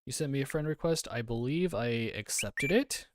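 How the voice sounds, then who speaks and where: A man's voice: medium pitch, expressive, normal speed, noisy background. A man chatting casually on a livestream, rambling and answering his chat aloud. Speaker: streamer. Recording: music playing under voice. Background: background music.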